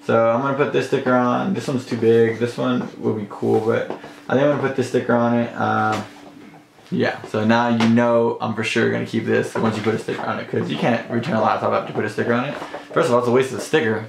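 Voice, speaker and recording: A young man chats through his day in a loose, easygoing ramble, his throat a little rough. His voice has a gravelly edge at an ordinary middle pitch. It is caught on a handheld camera in a roomy space with a faint hiss behind it. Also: little pitch movement, fast talker. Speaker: vlogger. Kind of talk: casual vlog narration. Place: car, then at home indoors.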